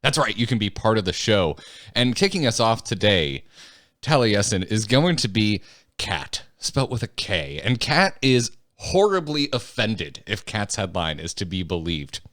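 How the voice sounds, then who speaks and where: A man hosting a casual gaming podcast, relaxed and self-mocking, just awake and reading out listener emails. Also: on the low side, a little slow, no echo, clean studio sound. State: just woken up. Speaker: podcast host.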